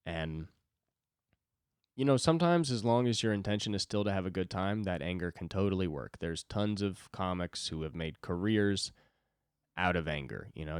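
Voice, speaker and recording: A man in his twenties, alone on his own podcast, rambles through a monologue, swearing and mocking himself. His low voice is clear and resonant, recorded as clean studio sound with no echo.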